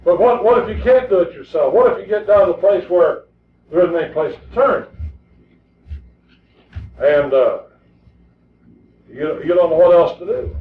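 A man's voice: high-pitched, animated, normal speed, pauses often. A man preaching a sermon in an earnest, emphatic way, often repeating words as he presses a point. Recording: distant, echoey, tinny lo-fi recording.

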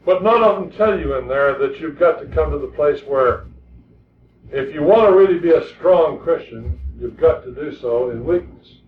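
A man's voice: a little high, expressive, moderate pace, distant mic, a little hiss or hum. Earnest male preacher, echoey tinny recording. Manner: earnest, emphatic preaching with repeated words. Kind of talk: sermon.

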